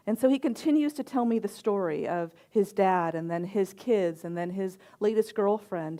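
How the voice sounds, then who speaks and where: A middle-aged woman, a reverend and chaplain, giving a sermon with personal stories in a gentle, reflective voice with soft pauses. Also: lowish voice.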